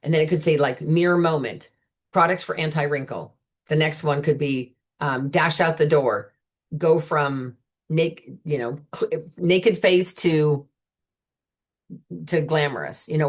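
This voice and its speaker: A chatty, enthusiastic woman with a low voice talks sales consultants through a booking idea. She is middle-aged and relaxed, and she slips into quick acted-out customer chats. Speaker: sales trainer for beauty consultants. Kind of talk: casual coaching talk.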